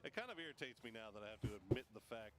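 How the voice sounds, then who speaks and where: A man's voice: lowish voice, lively intonation, rapid-fire, a crowd in the background. A man casting a live esports match, chatty and musing, with small hesitations. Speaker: esports caster. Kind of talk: live esports play-by-play commentary.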